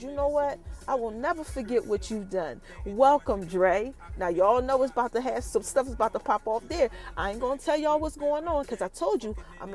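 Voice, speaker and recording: A woman hosting a podcast, recapping an episode in an animated casual chat that talks straight to her listeners. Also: fairly high pitch. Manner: animated, addresses listeners directly as y'all. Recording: light background music.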